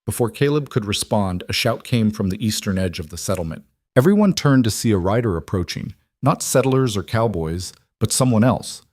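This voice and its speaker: A man reading a Western story as scripted narration, in a steady, measured way. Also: lowish voice.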